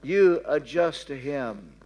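Older male preacher, Kentucky accent, storytelling sermon, high and lively voice. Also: takes it slowly. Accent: Southern American, Kentucky. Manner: storytelling, dropping to soft hushed tones for prayers. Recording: reverberant hall.

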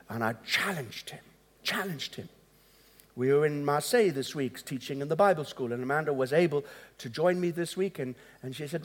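A male pastor preaches a conversational sermon in a large church hall, acting out both sides of dialogues and chuckling at his own asides. His voice is on the high side at a normal speed, with long hall reverb on the recording.

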